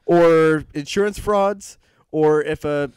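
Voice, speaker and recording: A man's voice: on the high side, slow pace, a little mellow, clean tone, dry recording. Young man cracking goofy podcast jokes. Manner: goofy, jokey, mock-serious. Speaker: podcast co-host. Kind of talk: crude comedic podcast banter.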